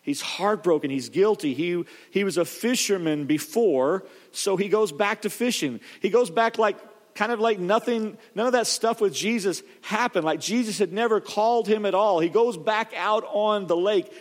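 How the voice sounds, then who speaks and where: A man preaching with a high, lifted voice, telling the story with animated drive and frequent restarts. His words ring out with a long reverb from a large hall. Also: moderate pace. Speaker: pastor. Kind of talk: sermon.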